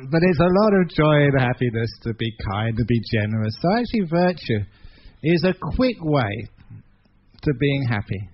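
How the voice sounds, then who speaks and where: A monk with an English accent giving a sermon, telling a story in an animated way, swinging between loud and hushed passages. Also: male voice, medium pitch, normal speed, lo-fi sound, a little hiss or hum. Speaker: monk giving a Dhamma talk. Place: meeting hall.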